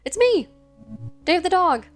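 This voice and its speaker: A woman's voice: extremely high pitch, unhurried, faint music behind, pitched above the performer's own voice, exaggerated voice. A woman doing an eager, goofy ghost dog. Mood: excited. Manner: excitable, chatty, sweet.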